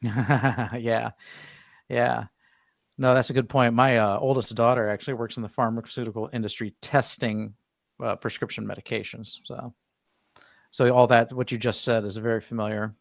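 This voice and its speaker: A man's voice: mid-range voice, steady tone, normal speed, gravelly, no echo, studio quality. Middle-aged man hosting a diet chat. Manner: rambling, reads comments aloud. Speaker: host reading viewer comments. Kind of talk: casual online panel chat.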